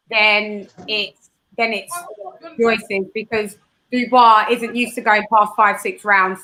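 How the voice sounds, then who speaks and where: A woman's voice: on the high side, pushed and bright, poor audio. A woman with a Cockney accent giving her boxing prediction in a chatty, hesitant way. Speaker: boxing analyst. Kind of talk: casual chat.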